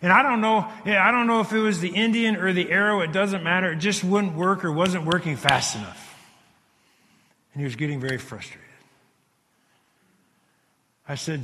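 A man with a fairly high, sharp, tense voice tells a dramatic survival story to a crowd. He stumbles over and repeats words, dropping to a hush and then rising again. His voice rings with the long reverb of a large hall. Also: a little hiss or hum. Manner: halting, repeats words, swings between hushed and loud. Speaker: speaker telling a survival story. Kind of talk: dramatic storytelling speech to an audience. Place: hall with a live audience.

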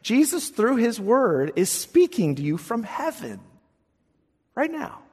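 A man's voice: very high voice, sing-song, slow pace, a little mellow, slightly rough. A male pastor preaching a sermon with emphatic delivery, often repeating words as he presses a point. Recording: long hall reverb.

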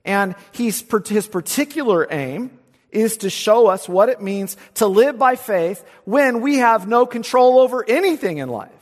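Animated high-voiced man preaching a sermon. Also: a little slow, in a large hall. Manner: swings between emphatic and hushed, rhetorical questions. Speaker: pastor. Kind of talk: expository sermon. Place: church sanctuary.

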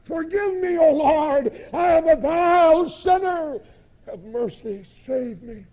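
A man's voice: very high-pitched, slow, highs cut off, voice pushed up, exaggerated voice. A man voicing a remorseful male disciple who begs forgiveness in an anguished, pleading way.

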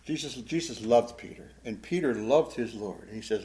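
A man teaching a Bible study in a conversational, animated style, acting out the quotes he reads. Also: medium pitch, moderate pace.

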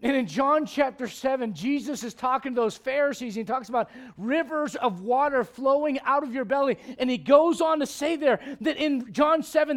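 Preacher guy with a really high voice, gets loud then drops way down, cracks jokes mid sermon. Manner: swings from loud preaching to hushed, with joking asides and laughs. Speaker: pastor.

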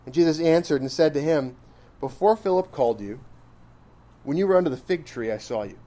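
A man's voice: on the high side, expressive, a little fast, warm tone. A man preaching an expository sermon in a conversational style, questioning his listeners and pressing points with emphatic rises. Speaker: pastor.

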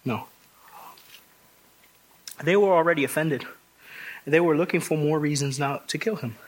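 Male pastor, slightly high and husky, conversational but emphatic pulpit delivery. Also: normal speed. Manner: emphatic, conversational preaching with frequent restarts and rhetorical questions. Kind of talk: expository sermon.

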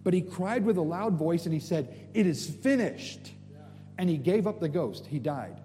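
A male preacher in a church, storytelling with energy and slangy asides. His voice sits a bit high and mellow, ringing with a long hall echo over a faint hum. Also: a little fast. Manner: animated, storytelling, casual slang. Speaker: guest preacher. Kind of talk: sermon.

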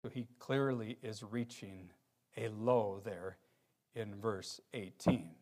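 A man preaching a sermon, reading scripture aloud and swinging between loud emphasis and quiet, low passages. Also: takes it slowly. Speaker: pastor.

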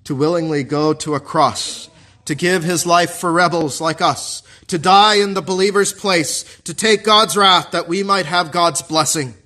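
A man preaching a sermon in an earnest way, asking the congregation questions and slowing down to stress quoted scripture. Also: fairly high pitch, fairly bright tone. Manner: earnest, asks the congregation questions and answers them.

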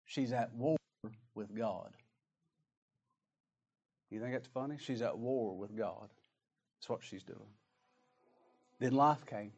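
A man's voice: mid-range voice, slow, pauses often, darkish tone, husky, lo-fi sound. A man preaching a sermon, reading scripture aloud and asking emphatic rhetorical questions.

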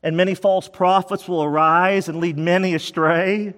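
A man's voice: sits high, steady tone, moderate pace, fairly bright tone. A man preaching a sermon as pastor, urgent and pleading, repeating his points with emphasis. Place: church sanctuary. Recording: long reverb of a church hall.

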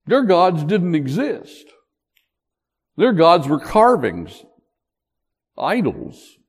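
An older man preaching a sermon, telling the story in an animated way and joking with the congregation. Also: fairly high pitch, very slow, slightly rough. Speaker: pastor. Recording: long hall reverb.

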